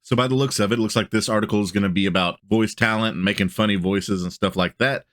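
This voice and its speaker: Laid-back male host, deep voice, reading and commenting, close dry mic. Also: steady tone, quick pace, a bit bright, no room sound. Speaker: tabletop game channel host. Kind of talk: reading a blog aloud with casual commentary.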